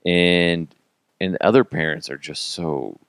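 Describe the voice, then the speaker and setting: Male podcast host, thirties, deep with vocal fry, dry close sound. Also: takes it slowly, a bit bright, dry recording. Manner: rambling, self-mocking, acts out quotes, swears. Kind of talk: casual storytelling podcast.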